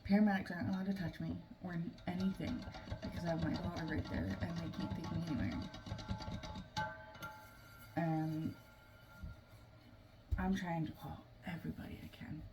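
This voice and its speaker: A young adult woman telling a family story in a casual, halting way, with many fillers and restarts. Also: on the low side, little pitch movement, music in the background. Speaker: family vlogger. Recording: noisy room, mic at a distance.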